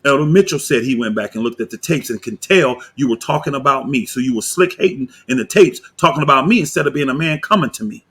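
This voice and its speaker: A pastor delivers heated reaction commentary on a video, indignant and combative, frequently erupting into loud outbursts. His husky, mid-range voice is animated and fast, with few pauses.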